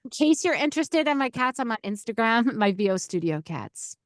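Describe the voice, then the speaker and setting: A middle-aged woman, a voice actor and coach, talking as an interview guest in an energetic, chatty way with many restarts and fillers. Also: fairly high pitch, a little fast, no echo, clean studio sound. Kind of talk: casual interview talk.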